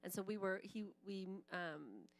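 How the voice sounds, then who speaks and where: A woman's voice: medium pitch, very animated, a little slow, creaky. A woman in her forties, raised in Iran and a native Farsi speaker, tells her testimony at church in a chatty storytelling way. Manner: conversational storytelling, frequent "like", acts out quoted speech.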